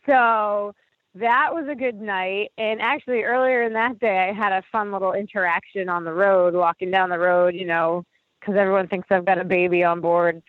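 A woman's voice: medium pitch, steady tone, normal speed, dry recording. A woman telling a rambling story about her walk in casual chat, full of fillers and acted-out quotes. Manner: chatty, heavy on fillers, acts out quoted voices. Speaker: podcast guest walking across the country. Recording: tinny phone-like line, dry.

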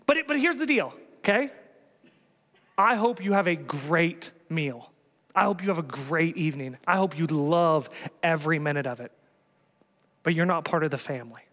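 A man's voice: on the high side, lively intonation, moderate pace, pauses often, a bit bright, in a large hall. A man preaching a sermon as pastor, telling a story with lots of energy and acting out both sides of the conversation.

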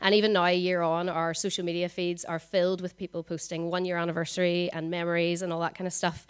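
Young woman preacher, lowish voice, quick and chatty with lots of ums. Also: level tone, clean tone. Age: 20s. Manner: fast talker, frequent ums. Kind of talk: conversational sermon. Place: church service.

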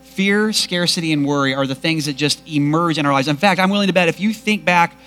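Bright-voiced man preaching with emphasis. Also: a little high, brisk. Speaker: pastor. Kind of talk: sermon.

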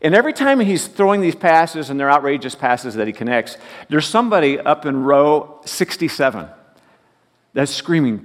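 A man's voice: a little high, sing-song, moderate pace, long reverb tail. A man preaching a sermon as pastor, folksy and joking as he tells stories.

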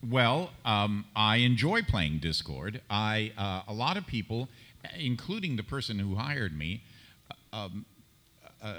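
A man's voice: on the low side, pushed and bright. A male actor on a convention panel, telling an articulate anecdote with a few fillers. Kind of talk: storytelling panel answer.

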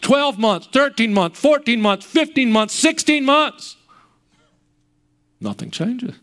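A male preacher delivers a sermon in a notably high, smooth and clear voice. He works through repeated rhetorical questions and retells the story vividly. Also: expressive, slow pace, a bit bright.

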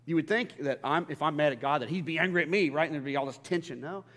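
A man preaching a sermon as a pastor, impassioned and stammering over restarts, swinging between loud and hushed. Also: a little high, fast talker. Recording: long hall reverb.

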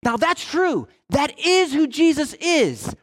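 A man preaching a sermon as pastor in a conversational way, often checking in with his listeners and swinging between loud and hushed delivery. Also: very high voice, sing-song, slow. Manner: conversational, with frequent "right?" check-ins.

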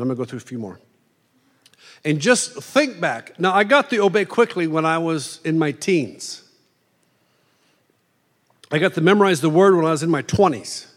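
A middle-aged man preaching a conversational sermon, animated and playing out quoted voices in asides. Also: fairly high pitch. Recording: long reverb of a large hall.

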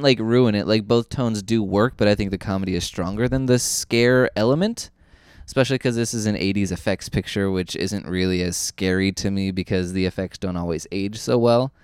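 A man with a lowish, smooth voice talks through a film review in loose, casual chat. He rambles and corrects himself as he goes, getting animated. The sound is dry and close. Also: no room sound. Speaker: podcast co-host.

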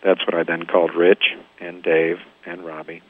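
A man's voice: deep voice, normal speed. An older man from Kansas, a band founder, telling his story in an interview and acting out the voices of the people in it. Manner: lively storyteller, acts out quoted voices. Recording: tinny phone line.

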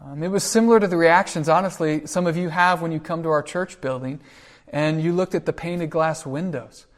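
Male pastor, sermon, earnest storyteller, slightly higher pitch. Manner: earnest storytelling, slows on key phrases.

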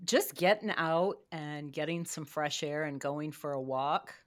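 A middle-aged woman co-hosting a podcast in casual chat, laughing easily and speaking in a measured way. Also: deep voice. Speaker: podcast co-host.

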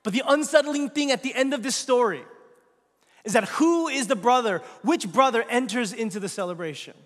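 Pastor, male, high voice, preaching with strong swings from emphatic to hushed, long hall reverb. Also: animated, fairly quick. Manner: swings from loud emphatic lines to hushed, near-whispered asides. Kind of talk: sermon.

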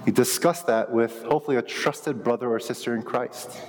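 A pastor delivering a relaxed, animated sermon, talking with his church like a friend. His voice sits in an ordinary middle range. A long reverb hangs on every phrase, as in a large hall. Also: mid-range voice, brisk, a little hiss or hum. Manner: conversational, animated teaching with asides.

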